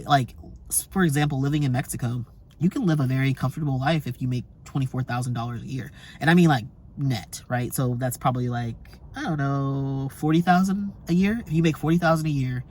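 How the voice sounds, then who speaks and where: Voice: medium pitch, a little fast, darkish tone, slight background noise. A travel vlogger, talking casually and emphatically to camera, swearing now and then and breaking into short laughs between points.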